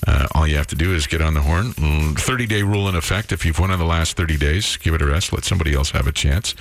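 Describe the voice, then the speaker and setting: A man's voice: very deep voice, fast. A man hosting a radio show, chatting easily with his co-host and reading out contest details. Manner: relaxed, chatty, reads promos. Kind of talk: morning radio banter.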